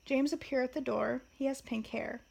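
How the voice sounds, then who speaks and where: Woman softly reading stage directions. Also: sits high, steady tone, moderate pace, gravelly, rough recording. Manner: quiet, soft stage directions. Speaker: reader and commentator. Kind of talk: casual reading aloud of a play script.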